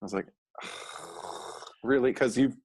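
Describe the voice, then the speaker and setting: Animated, laughing man telling stories. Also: moderate pace, dry recording. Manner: animated storyteller, acts out quotes in high voices, laughs often, swears. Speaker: podcast co-host. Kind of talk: casual chat.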